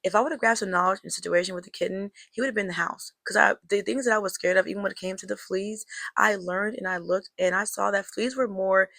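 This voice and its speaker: A young woman tells a story straight to her viewers, chatty and reflective, calling them girl and y'all. Her voice is bright with a gravelly, fry-laden edge. The sound is close and dry. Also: mid-range voice, steady tone, quick pace, few pauses, no echo. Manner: reflective, draws life lessons. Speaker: vlogger telling a personal story. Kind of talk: casual storytelling to camera.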